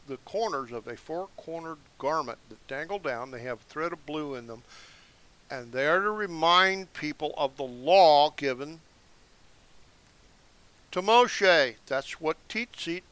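Slow, lively-voiced man reading scripture. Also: a little high. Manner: slow, deliberate reading broken by casual asides. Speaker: Bible teacher. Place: seated indoors.

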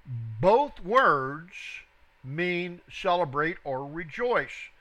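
A man teaches scripture verse by verse at an unhurried, deliberate pace. He reads each phrase, then its reference number, and leans hard on the quoted words. His voice is bright and a little higher than most. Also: sing-song. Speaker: Bible teacher.

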